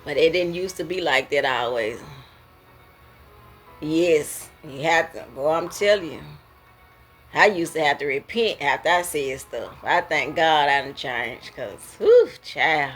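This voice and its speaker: A woman hosting a casual talk about emotions, preachy and quick to laugh. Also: low-pitched, fairly bright tone, slightly rough, soft background music. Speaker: host.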